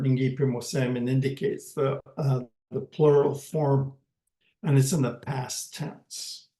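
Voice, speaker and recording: A man teaching a language lesson, speaking slowly and patiently in an average-pitched voice. He repeats each word carefully and keeps checking in with his listeners. The room around him is echoey. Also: warm tone. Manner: slow, patient, repeats words and says "okay" often.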